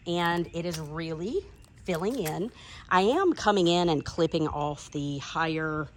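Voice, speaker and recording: A woman's voice: lowish voice, a little hiss or hum. A middle-aged woman with a Southern accent, chatting enthusiastically as she walks through her garden and shows off her plants. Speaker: garden vlogger. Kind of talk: casual garden tour narration. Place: outdoors in a home garden.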